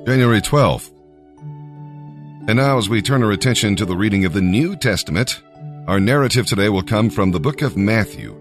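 A man's voice: lowish voice, animated, moderate pace, music in the background. A man reading scripture aloud and giving a devotional talk, with conversational asides. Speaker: Bible reader and devotional speaker.

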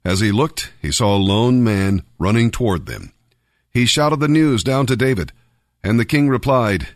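A man reading a Bible passage aloud as scripted narration, in a measured, even way. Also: mid-range voice, no room sound, clean studio sound. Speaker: Bible reader.

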